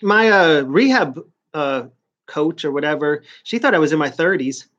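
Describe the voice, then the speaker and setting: A man's voice: on the high side, lively intonation, normal speed, fairly bright tone. A man in his forties with a New York accent, chatting casually to viewers on a live stream, rambling and stop-start. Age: 40s. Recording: dull lo-fi stream audio.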